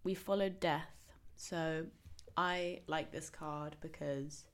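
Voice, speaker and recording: Woman tarot specialist, very low voice, calm, measured, reflective. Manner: measured and reflective, explains calmly. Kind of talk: casual podcast chat.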